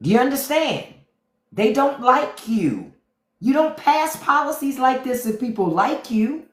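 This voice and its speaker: A woman's voice: sits high, very animated, a little slow. A woman hosting a livestream, talking back to the chat with profane, mocking commentary. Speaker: podcast host on a livestream. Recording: roomy echo.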